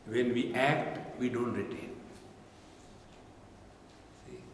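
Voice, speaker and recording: A man's voice: medium pitch, extremely slow, gravelly, slight background noise. A man giving a humorous spiritual discourse as a swami, often checking in with "See?". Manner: humorous, keeps asking "See?". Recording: echoey hall with long reverb.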